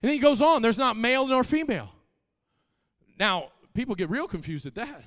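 A man preaching a live-streamed sermon, moving from soft asides to shouted peaks and repeating phrases as he speaks straight to his congregation. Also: very high-pitched, expressive, brisk, big-room sound. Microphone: live-streamed church mic.

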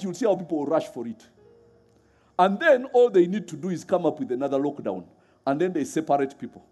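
A middle-aged man with a mid-range voice delivers a lively sermon. He laughs often and acts out different voices while telling his stories.

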